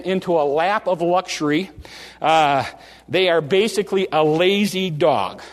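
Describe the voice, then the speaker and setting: High-voiced folksy preacher in a reverberant church. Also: male voice. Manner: folksy, animated preaching with restarts and dramatic slowdowns. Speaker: pastor. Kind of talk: sermon. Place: church sanctuary. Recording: long reverb of a large hall.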